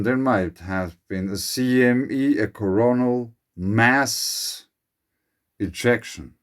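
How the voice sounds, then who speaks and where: Speaking in a medium-pitched voice, a Finnish-accented man hosts his channel with a slow, musing monologue full of speculation. His English phrasing is slightly uneven.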